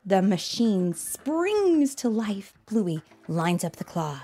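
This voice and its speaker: A woman reads a children's story aloud at an unhurried pace, talking warmly and directly to her young listeners. Her pitch is animated and wide-ranging, and faint music plays underneath. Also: creaky.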